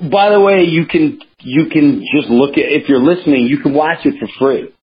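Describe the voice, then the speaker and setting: A man hosting a podcast in casual chat, telling stories in an animated, rambling way with many restarts. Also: on the high side, moderate pace, breathy edge. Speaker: podcast host. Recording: dull lo-fi sound with faint noise.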